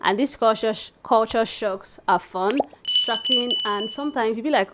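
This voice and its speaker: A woman's voice: a little high, moderate pace, very noisy. A young woman from Nigeria hosting her vlog, chatting casually to viewers she calls besties. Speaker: vlogger host. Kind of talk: casual chat.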